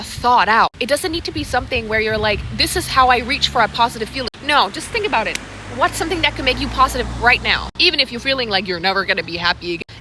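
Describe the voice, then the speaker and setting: Bright-voiced woman giving upbeat life advice. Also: a little high, slight background noise. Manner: earnest, upbeat, repeats words for emphasis. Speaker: lifestyle vlogger. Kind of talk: motivational talk to camera. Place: outdoors.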